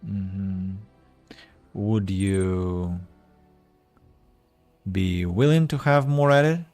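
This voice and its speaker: Male game streamer, casual chat with viewers, slow pace, lowish pitch. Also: darkish tone, faint music behind. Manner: chatty, greets viewers and reads game lines aloud. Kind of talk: casual live-stream commentary.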